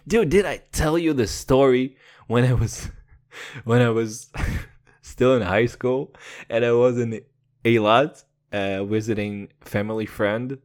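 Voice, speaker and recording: A man hosting a podcast, talking in an excitable, profane, jokey way. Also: slow. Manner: excitable, profane, jokey, with big pitch swings. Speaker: podcast host. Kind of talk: casual podcast chat.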